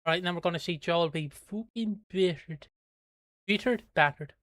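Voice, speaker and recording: A man's voice: a little high, normal speed, no room sound. Sweary Irish man reacting on a livestream. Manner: swears freely, rambling and chatty. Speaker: host.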